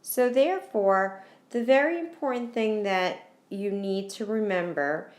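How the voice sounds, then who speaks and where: A woman's voice: medium pitch, unhurried, hardly any pauses, a little mellow, roomy sound. A woman teacher explaining verb endings in a recorded lesson, patient and repetitive, spelling out endings letter by letter. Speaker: Spanish teacher.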